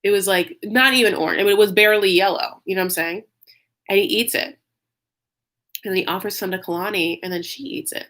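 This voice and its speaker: A young man recapping a reality show in a campy, sassy, animated storytelling style, calling viewers "honey". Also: sits high, fast. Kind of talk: casual comedic recap.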